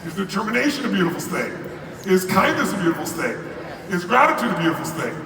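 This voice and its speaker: A man's voice: high-pitched, sing-song, fast, crowd noise. An older man giving a live motivational keynote, emphatic and profane, firing questions at the audience. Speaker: motivational speaker. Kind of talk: live stage keynote to a crowd. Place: large arena. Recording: echoey arena sound from far off.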